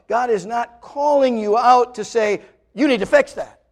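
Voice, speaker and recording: A man preaches to his congregation in a notably high voice. He sounds earnest and pleading, often repeating a word before pressing on. His lines climb to loud, emphatic peaks and then settle back down. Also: normal speed. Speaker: pastor. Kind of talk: sermon. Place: church sanctuary, also live streamed.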